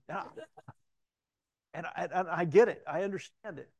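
A middle-aged man preaching a conversational sermon as pastor, swinging between loud storytelling and hushed asides, with frequent restarts. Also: a little high, brisk, long pauses, husky, no echo.

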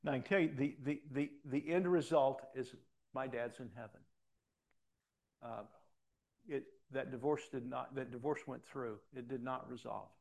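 A man's voice: medium pitch, normal speed, vocal fry, darkish tone. An older man, a pastor, preaching a sermon in a conversational storytelling way with frequent restarts.

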